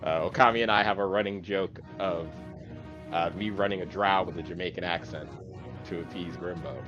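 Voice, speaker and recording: A man's voice: sits low, steady tone, fairly quick, muffled recording, music in the background. A man chatting as a guest dungeon master, telling stories animatedly and laughing a lot. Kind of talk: casual roundtable chat.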